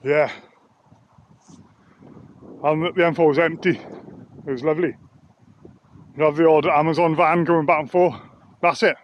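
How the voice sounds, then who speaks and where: Vlogger on a country walk: chatty, a bit breathy, higher-pitched guy, light outdoor hiss. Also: steady tone, unhurried, pauses often, muffled recording. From Wales. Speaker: vlogger and sound therapist. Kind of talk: casual walk-and-talk vlog. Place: outdoors on open coastal nature reserve.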